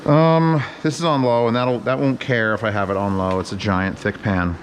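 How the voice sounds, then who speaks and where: A man's voice: medium pitch, steady tone, moderate pace, a little hiss or hum. A man hosting a casual cooking vlog from his home kitchen, rambling and joking with plenty of swearing as he works. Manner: joking, profane, rambling commentary. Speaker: home cook host.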